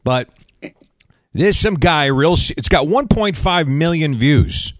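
A man hosting a talk show, telling stories in a casual, sarcastic, animated way. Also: a little high, slow pace, dry recording. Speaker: radio show host.

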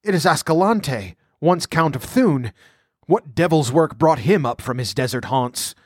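A man's voice: a little high, expressive, unhurried, dry recording, clean studio sound, pitched above the performer's own voice. Man doing a curt guard commander, snapping, raised voice, storybook reading. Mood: brusque. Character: brusque male commander of the guard. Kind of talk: audiobook character voice.

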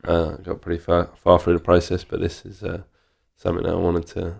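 Gravelly low-voiced laid-back Englishman. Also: completely flat delivery, brisk, a little mellow. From England. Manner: laid-back, chatty, says "mate" and "quality". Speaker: bar owner guest. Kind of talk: casual podcast chat.

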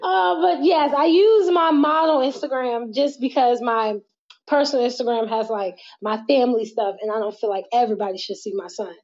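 A woman's voice: on the high side, steady tone, moderate pace, a little mellow. A young woman being interviewed as a guest, talking candidly, laughing often and swearing casually. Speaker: guest, model and mother. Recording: muffled, lo-fi audio.

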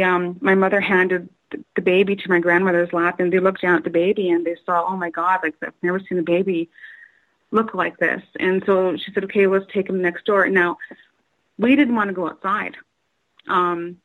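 A woman's voice: medium pitch, narrow, tinny audio. Woman recounting a frightening memory. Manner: halting, many fillers and restarts; voice rises when quoting others. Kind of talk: personal storytelling.

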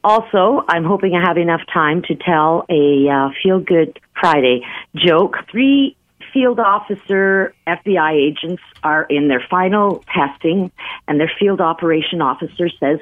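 A woman's voice: on the low side, expressive, normal speed, no room sound. A woman calling in to a radio show, chatty and rambling as she tells a joke. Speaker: caller. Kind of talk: phone-in joke telling. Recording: tinny phone line.

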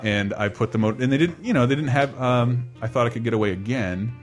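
A man in his thirties casually telling a long personal story on a podcast, animated and laughing, acting out quotes in a high voice. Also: fairly quick, faint music behind. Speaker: podcast co-host.

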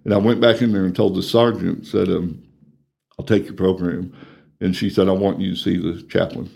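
A middle-aged man, earnestly telling his life story in an interview, plain-spoken and quiet at the painful parts. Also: low-pitched, little pitch movement, moderate pace, vocal fry. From Texas, USA. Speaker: ministry coordinator.

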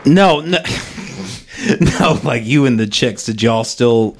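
A man hosting a casual podcast chat, reacting with loud laughs. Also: mid-range voice, animated, slow.

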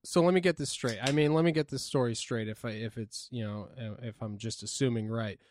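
A man's voice: mid-range voice, fairly quick, darkish tone, slight background noise. A man hosting a podcast, asking rambling, playful questions. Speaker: podcast host. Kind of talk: casual podcast chat.

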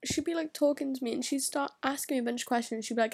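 A woman's voice: sits high, fast talker, few pauses, a little mellow. A teenage girl, crying and venting in a rambling confessional vlog, often dropping to a whisper. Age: teens. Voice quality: gravelly fry, often drops to a whisper. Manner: rambling, upset, venting in broken phrases. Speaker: vlogger.

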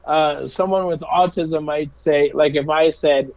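A man's voice: fairly high pitch, unhurried, gravelly, rough recording. A middle-aged man telling stories in a casual interview, a special education teacher who often repeats his words and laughs as he talks. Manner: animated, laughing storyteller.

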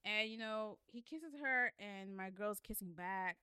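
A woman's voice: mid-range voice, a little slow, pushed and bright, smooth, no echo. A woman in a casual chat recapping a novel with her co-host, laughing often and acting out the characters' lines. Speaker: book club podcast co-host.

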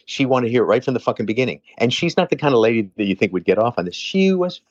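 A man's voice: medium pitch, very animated, very fast, no echo. An older man, a fitness trainer, chatting as a guest in a rambling, jokey, profane way. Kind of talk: casual chat. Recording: slightly dull lo-fi sound.

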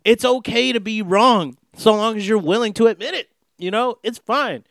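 A man's voice: high voice, normal speed, gravelly, a bit bright, dry recording, studio quality. A young man from the Los Angeles area talking in a casual, rambling monologue, profane and full of fillers and restarts. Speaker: podcast host.

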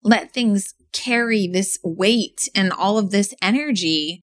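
A woman co-hosting a podcast, talking in a blunt, animated way and telling stories as she goes. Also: mid-range voice, slow. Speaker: podcast co-host. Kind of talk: casual podcast chat.

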